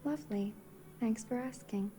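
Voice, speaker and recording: An actress playing a teasing, curious young bride in a game. Her voice sits a little high with a mellow warmth, and her delivery is light and playful. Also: moderate pace, soft background music, close to an everyday voice. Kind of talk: video game dialogue.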